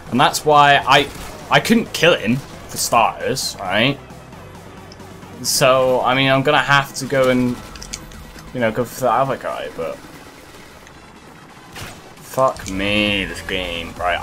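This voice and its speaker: Man, gameplay commentary, frustrated, swears a lot, lively up-and-down pitch, faint music behind. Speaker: gaming commentator.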